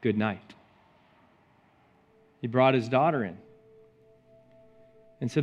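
Pastor preaching, loud peaks and hushed lows. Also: male voice, slow pace, pauses often. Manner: swings from loud emphatic peaks to soft hushed storytelling. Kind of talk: sermon. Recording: slightly dull sound with faint music behind.

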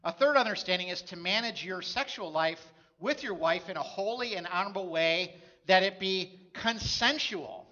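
Bright high-voiced male preacher. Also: lo-fi sound. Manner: conversational storytelling preaching. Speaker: pastor. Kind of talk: sermon.

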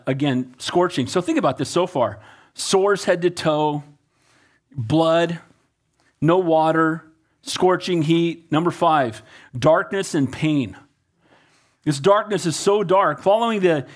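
A pastor preaching to his congregation, his voice sitting a little high for a man. He keeps asking the room questions and doubles back on his words as he makes each point. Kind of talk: sermon.

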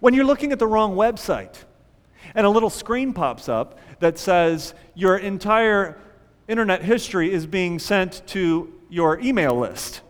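Man, pastor, animated sermon, high voice, long hall reverb. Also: unhurried. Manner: animated preaching, acts out panicked prayers.

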